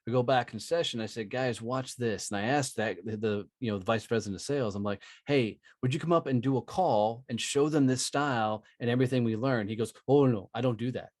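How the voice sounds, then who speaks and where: A man's voice: mid-range voice, fairly quick, hardly any pauses, no room sound, studio quality. A man guest telling sales stories in a blunt, profane, emphatic way, often tagging lines with "right?". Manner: profane, emphatic, tag questions. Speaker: podcast guest, sales trainer. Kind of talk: casual storytelling.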